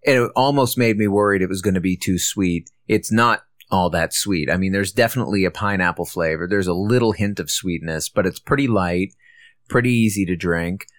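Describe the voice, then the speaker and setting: A man co-hosting a casual podcast about films and beer, talking in a relaxed, chatty way with frequent restarts. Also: sits low, brisk, dry recording, studio quality. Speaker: podcast co-host. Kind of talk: casual film and beer chat.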